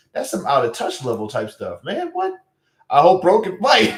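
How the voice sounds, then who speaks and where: In a roomy-sounding space, a young male livestream host with a somewhat high voice talks in a casual, chatty way. He exclaims in disbelief and often says the same things again.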